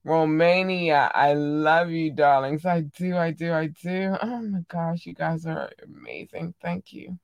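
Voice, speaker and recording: A woman's voice: low voice, a little slow, hardly any pauses, no echo, studio quality. A woman hosting a casual solo podcast, chatty and gushing. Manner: animated, gushing, playful shout-outs. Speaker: podcast host.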